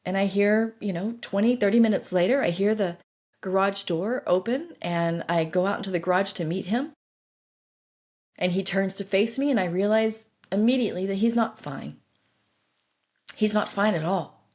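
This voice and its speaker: Middle aged woman telling her own story, earnest and intense, normal pitch. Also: moderate pace, darkish tone. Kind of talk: personal recovery story podcast.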